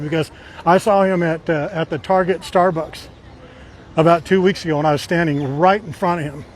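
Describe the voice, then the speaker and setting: A man's voice: fairly high pitch, steady tone, a little fast. A man rambling casually as he guides a walking live stream through city streets, telling stories with fillers. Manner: chatty, rambling, with fillers and storytelling. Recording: faint street noise outdoors.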